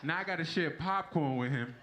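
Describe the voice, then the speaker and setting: A man's voice: fairly high pitch, a little fast, bright, forceful tone. A man doing a stand-up set, telling a family story and laughing through his own lines. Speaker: stand-up comedian. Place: comedy club stage.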